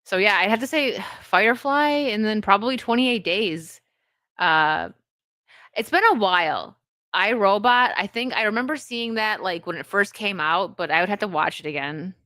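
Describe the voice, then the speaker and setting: A woman's voice: mid-range voice, expressive, moderate pace, pushed and bright, no echo. Chatty woman, dry close sound. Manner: rambling, chatty, laughs often. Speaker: host. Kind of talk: casual solo video chat.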